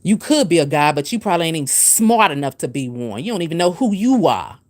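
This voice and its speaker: A woman hosts a spiritual livestream. She scolds and preaches at a commenter, hammering her points with repetition. Her pitch swoops from low and firm to high and emphatic. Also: big pitch swings, fast, darkish tone. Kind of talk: livestream rant answering comments.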